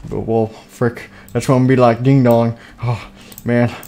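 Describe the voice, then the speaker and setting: A man's voice: medium pitch, little pitch movement, moderate pace, darkish tone, natural voice. A man doing a grumpy, muttering animatronic. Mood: grumbling. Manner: grumbling, self-pitying, muttering. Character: grumpy male animatronic pizza deliverer.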